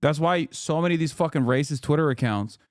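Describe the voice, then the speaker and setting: A man streaming live, reacting to a video with blunt, profane, casual commentary and emphatic jumps in pitch. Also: quick pace, no echo, studio quality.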